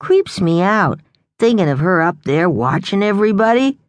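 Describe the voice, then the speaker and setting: A woman's voice: medium pitch, sing-song, normal speed, dry recording, pitched above the performer's own voice, natural voice. A woman reading the lines of a crude, dim-witted young male police officer with a whiny, needling manner.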